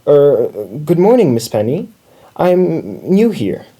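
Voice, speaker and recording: A man voicing an excited little boy mouse in a children's storybook, eager and polite. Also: mid-range voice, moderate pace, husky.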